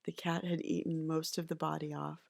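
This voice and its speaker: Woman, middle-aged, low flat voice, gravelly, soft-spoken, halting. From Massachusetts. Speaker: interviewee, interviewer's mother. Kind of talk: casual home interview, storytelling.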